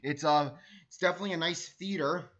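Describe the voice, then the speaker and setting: A man's voice: on the high side, brisk, a bit bright, lo-fi sound. A man reading a children's storybook aloud as a read-along host, enthusiastic, often stumbling over and repeating words.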